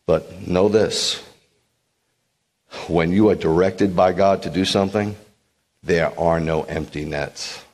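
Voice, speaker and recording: A man with a lowish voice delivers a sermon as a rabbi, animated and quick with wry asides. His voice carries a long reverberant tail from a large congregation hall. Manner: animated, joking asides, acts out quotes.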